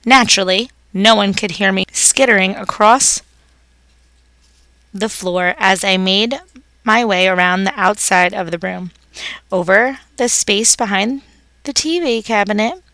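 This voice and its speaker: A woman's voice: mid-range voice, unhurried, bright, forceful tone, dry recording. A woman reading a children's story aloud, narrating expressively as a pet hamster.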